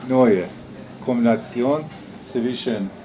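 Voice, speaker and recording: Slow-talking man over background noise. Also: medium pitch, dark tone. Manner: slow, short simple phrases. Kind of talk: documentary interview. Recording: noisy background.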